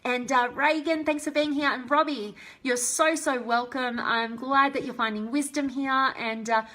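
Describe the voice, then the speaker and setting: Woman host of a live inspirational stream, eager and sincere, slightly high register. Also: fairly even intonation, moderate pace, sharp tone. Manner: enthusiastic and heartfelt, reads out viewer comments. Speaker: host and motivational coach. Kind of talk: live-stream chat with viewers.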